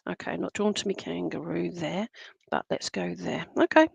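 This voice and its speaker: A woman's voice: lowish voice, steady tone, normal speed, creaky, breathy edge, dry recording, muffled recording. A woman giving psychic readings on a live stream, chatty and reassuring, full of fillers and pet names like "my lovely". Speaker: psychic medium. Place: room with a table of crystal animals.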